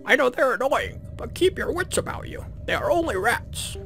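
A man voicing a fussy game villager in a high, sing-song falsetto. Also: sing-song, moderate pace, gravelly, a bit bright, faint music behind, exaggerated voice. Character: fussy high-voiced game villager warning about rats.

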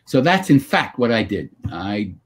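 An older man with a husky, slightly breathy voice tells stories with a pitch that swings up and down all the time. He sounds like a guest on a video call, animated and anecdotal, answering an interviewer's questions. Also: unhurried. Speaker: guest actor.

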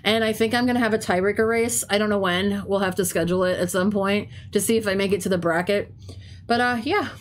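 A woman's voice: medium pitch, fast talker, slight background noise. Chatty young woman with a stuffy nose. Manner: chatty storytelling with frequent "like" and swearing. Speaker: teacher and game streamer. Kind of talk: casual chat while streaming.

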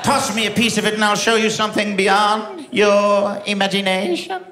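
A man doing a sly, high-voiced pirate lady. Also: moderate pace, bright, forceful tone, echoey room. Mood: coaxing. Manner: coaxing, sing-song wheedling. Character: sly eccentric woman in pirate costume.

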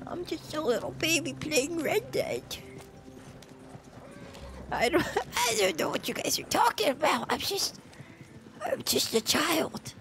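A man putting on a whiny little baby voice while commenting on a game, straining his throat with high, half-whispered baby talk. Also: big pitch swings, measured pace, gravelly, long pauses, a bit bright, slight background noise, full character voice. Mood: babyish. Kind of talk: gaming livestream commentary.

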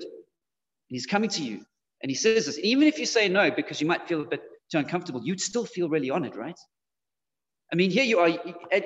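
A man giving a casual, conversational sermon to teenagers in a church hall. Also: on the high side. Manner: casual, conversational, with frequent fillers. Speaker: youth preacher. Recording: dull, slightly muffled sound with long hall reverb.

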